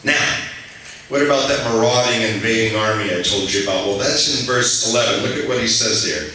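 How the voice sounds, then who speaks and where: Guy preaching a sermon, bright forceful voice, big echoey church, mic a bit far off. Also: lowish voice, fairly quick, slight background noise. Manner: conversational preaching, asks the congregation questions. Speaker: pastor. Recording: echoey hall, mic at a distance.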